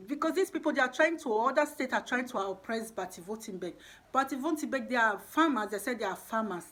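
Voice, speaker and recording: A woman's voice: mid-range voice, slightly rough. A woman giving an impassioned, emphatic monologue, exhorting and repeating her points. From Nigeria. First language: Edo.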